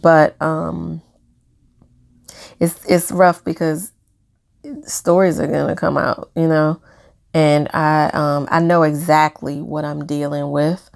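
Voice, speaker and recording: Woman vlogging about her feelings, kinda low and croaky, lots of ums and soft laughs. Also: little pitch movement, slow, pauses often. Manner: soft-spoken, hesitant, many fillers, laughs while talking about pain. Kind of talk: personal reflective video diary.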